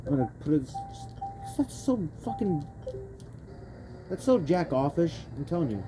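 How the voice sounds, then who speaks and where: A woman's voice: low voice, very animated, measured pace. Young woman ranting angrily while gaming. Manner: angry profane ranting; frustrated, rambling self-interrupting talk. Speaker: gamer playing a kart racing game. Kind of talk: let's play commentary. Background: faint game music.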